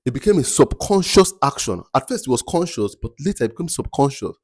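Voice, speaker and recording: A man with a Nigerian accent hosting a faith-based motivational podcast, speaking slowly and deliberately and repeating words for emphasis. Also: mid-range voice, sing-song, no echo, studio quality. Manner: slow, deliberate, picks words carefully with emphatic repetition. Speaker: podcast host.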